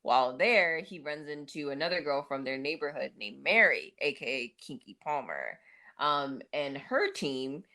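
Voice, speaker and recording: A woman with a low voice talks through a movie plot in a loose, conversational way. She fills her sentences with "like" and "um" as she goes. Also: sing-song, normal speed, pushed and bright. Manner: chatty, many fillers and laughs. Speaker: podcast co-host. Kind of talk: casual movie recap.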